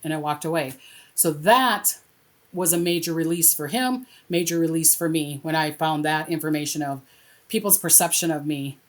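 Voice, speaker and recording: Middle-aged woman guest, slightly low voice, lively storyteller who acts out quotes. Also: moderate pace. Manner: animated, acts out quoted dialogue with lively pitch jumps. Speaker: interview guest, spiritual reader. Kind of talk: casual conversational storytelling.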